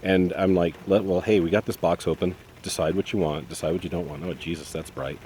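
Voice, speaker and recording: A man in his fifties with a low, deep voice rambles and curses his way through a vlog. He holds his phone in his hand outdoors, and faint ambience hums behind him. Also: fairly even intonation, brisk, darkish tone, a little hiss or hum. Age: 50s. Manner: exasperated, profane, rambling. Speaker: vlogger. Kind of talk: casual vlog monologue. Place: outdoors in the rain, then under a roof and a tree. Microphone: handheld phone.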